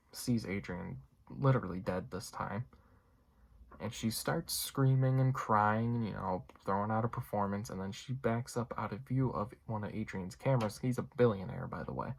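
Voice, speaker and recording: A man's voice: fairly low pitch, creaky. A young man giving a casual, rambling movie review, full of fillers and asides. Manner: rambling, lots of fillers and you-knows.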